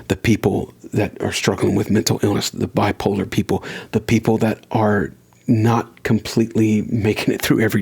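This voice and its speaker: A man's voice: on the low side, gravelly, slightly rough. A man hosting a solo podcast, talking in an earnest, conversational way and shifting his pace for emphasis. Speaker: podcast host.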